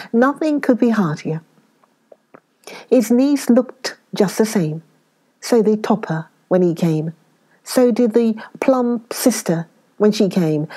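A woman with a British accent reads a classic tale aloud. Her voice is mellow and warm, and she takes her time, leaning into each phrase with unhurried emphasis. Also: mid-range voice. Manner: expressive, slows down for emphasis. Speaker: storyteller. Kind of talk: dramatic reading of a classic story.

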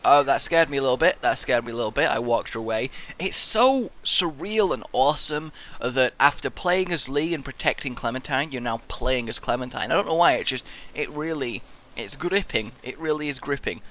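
A young man giving playful, excitable let's-play commentary and chatting to the game character as he plays. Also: medium pitch, brisk, a little hiss or hum. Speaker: gaming video host.

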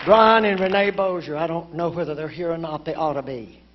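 A woman preaching a sermon emphatically, building to shouted lines and then dropping to a low, quiet delivery. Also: a little fast, over a noisy crowd, very noisy. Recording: dull lo-fi conference recording.

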